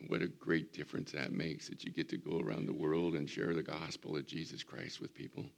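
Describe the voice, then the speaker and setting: A man in his seventies, a pastor preaching a folksy, storytelling sermon with a hoarse, recovering voice. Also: extremely low pitch, brisk, few pauses. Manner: folksy storytelling, animated when mimicking. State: hoarse, recovering voice after surgery.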